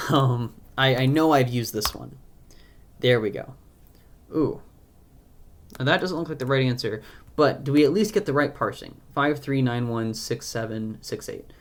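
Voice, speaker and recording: A man who is losing his voice, talking through a live coding walkthrough as a programmer, thinking aloud and hesitating with frequent ums. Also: medium pitch. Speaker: programmer, language creator.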